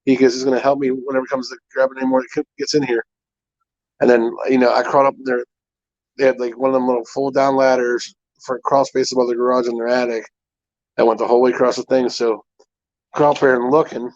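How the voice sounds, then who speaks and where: A man's voice: medium pitch, little pitch movement, fast, darkish tone, no room sound. Rambling man telling stories, dull lo-fi sound. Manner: rambling storyteller, fillers like "I'm like". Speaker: live stream host. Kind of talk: casual chat.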